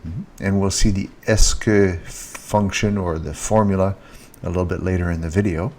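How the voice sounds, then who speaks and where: A man giving a casual French lesson, speaking slowly, repeating each French word and stressing it, recorded on a handheld mic. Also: low-pitched, fairly even intonation, a little mellow, a little hiss or hum. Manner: slow, repeats French words with rising emphasis. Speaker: French teacher. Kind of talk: casual online language lesson. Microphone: handheld mic with earphone monitor.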